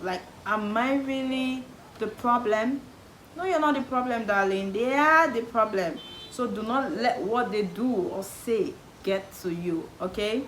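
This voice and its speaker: A young Nigerian woman with a Nigerian accent, giving casual advice to camera and acting out what relatives say with emphatic repetition. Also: medium pitch. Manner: animated, acts out quoted relatives, emphatic repetition. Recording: echoey room with faint background noise.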